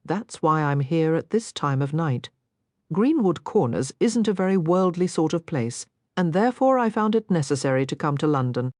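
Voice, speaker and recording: Brief: woman playing a polite, curious young lady writer, lively lilting voice, dry sound. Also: low voice, moderate pace, no echo. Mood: eager. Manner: polite, eager.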